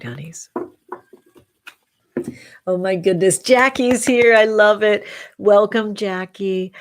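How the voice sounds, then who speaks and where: A woman with a lowish voice hosts a casual tarot livestream from home. She talks very slowly and effusively. The sound is dry and close. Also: no room sound. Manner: effusive, slow and drawn-out, affectionate terms for viewers. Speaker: tarot reader and channel host.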